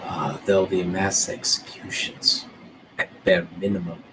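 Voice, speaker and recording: A man's voice: deep voice, steady tone, a little slow, a bit bright, a little hiss or hum, poor audio. A man playing in a tabletop role-playing game, making plain, dry remarks and describing what his character does. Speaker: player. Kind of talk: casual tabletop role-play chat.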